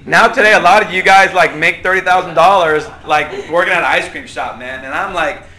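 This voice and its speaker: A young adult man leading a church group discussion, conversational and animated, often asking questions. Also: fairly high pitch, brisk. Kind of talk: interactive church teaching.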